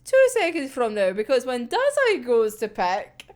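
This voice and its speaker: A high, lively young woman gushing over an episode in a casual chat. She laughs often, swears freely and bounces into the characters' voices. Her pitch leaps around constantly. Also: unhurried. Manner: giggly, swears freely, acts out characters' lines. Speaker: anime reviewer.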